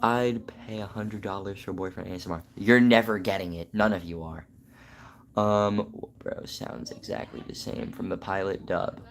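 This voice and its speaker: A man's voice: deep voice, steady tone, moderate pace, creaky. Chatty stammering male streamer. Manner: chatty, joking, stammering, reading chat aloud. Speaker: streamer and voice actor. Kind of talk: casual live-stream chat.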